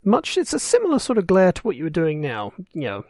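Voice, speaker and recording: Wry, gravelly man narrating as game master. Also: high voice, huge pitch swings, quick pace, a little mellow, no echo, clean studio sound. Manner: rambling, wry, self-correcting.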